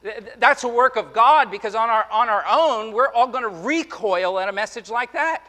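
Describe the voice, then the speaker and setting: A male pastor preaching a sermon, animated, slipping into the voices of his listeners and of the prophet. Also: very high voice, moderate pace, long reverb tail.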